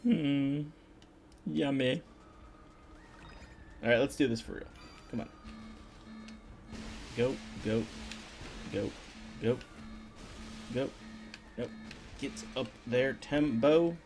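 Guy doing let's-play commentary, slow and kinda mumbly, gravelly voice, faint game music behind. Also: medium pitch, a little mellow. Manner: casual, half-mumbled, self-talking. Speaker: gaming video host.

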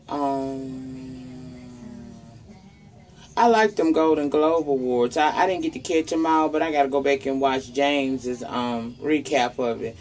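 A woman's voice: low-pitched, darkish tone. A woman with a Southern US accent runs through the week's celebrity gossip in a casual vlog. She talks loosely and profanely, addressing her viewers directly as y'all. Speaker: vlogger. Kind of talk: casual commentary on news and gossip.

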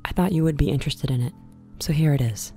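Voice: medium pitch, fast, mellow, soft background music. A speaker narrating a personal scary experience from childhood in a matter-of-fact way. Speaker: storyteller. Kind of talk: first-person horror story narration.

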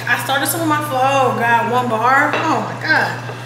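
A woman's high, somewhat slow voice comes through with music playing behind her as she vlogs at home in her apartment. Talking directly and casually to viewers, she curses when annoyed, and the room is echoey and noisy.

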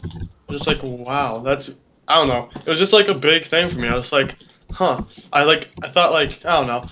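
This teenage gameplay co-host sounds pushed and bright, a little high, speaking at a moderate pace. Rambling while he games, he tells a long story full of quoted voices and trails off with "I don't know." A dull lo-fi mic adds clear background hiss.

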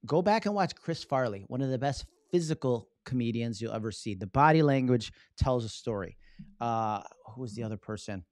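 A man giving a casual live-streamed talk on public speaking, lively and acting out his examples. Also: mid-range voice, fairly quick, no echo, clean studio sound. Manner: animated, acts out examples with his body; casual, loose phrasing with "right?" tags.

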